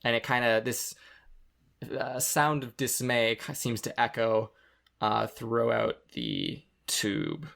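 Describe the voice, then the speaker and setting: Brief: a man running a tabletop game, very gravelly voice, lively pitch, halting with fillers. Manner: halting, full of ums and likes. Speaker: game master.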